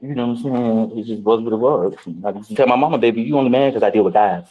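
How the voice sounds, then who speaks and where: A man on a reality show after-show, telling candid stories in casual chat, animated and profane, with big swings in his voice. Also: medium pitch, racing, husky, muffled recording. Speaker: reality show cast member.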